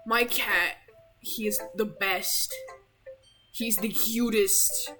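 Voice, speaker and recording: A woman's voice: mid-range voice, steady tone, drawn-out words, long pauses, bright, forceful tone, faint music behind, poor audio. A young woman streaming a game, chatting in a playful, giggly, rambling way. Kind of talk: casual live-stream chat while playing a game.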